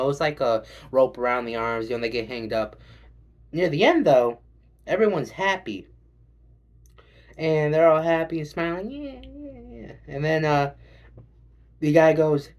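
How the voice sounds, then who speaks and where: A man doing a stand-up set, rambling and swearing and acting out quick voices. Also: on the high side. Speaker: stand-up comedian.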